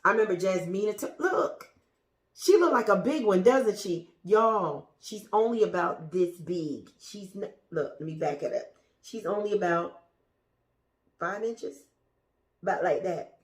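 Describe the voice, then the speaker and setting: A woman's voice: mid-range voice, expressive, unhurried. A woman in a plain middle voice, gushing over her houseplants in a loose, chatty way and talking straight to her viewers. At times she drops to a whisper. The sound is echoey, as if recorded in a bare room. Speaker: plant vlogger. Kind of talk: casual show-and-tell to viewers. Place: indoors among houseplants.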